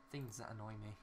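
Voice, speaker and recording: A young man with a mid-range voice speaks against a noisy background as he builds in a city game. The gaming YouTuber keeps up casual, rambling self-talk and swears mildly at glitches.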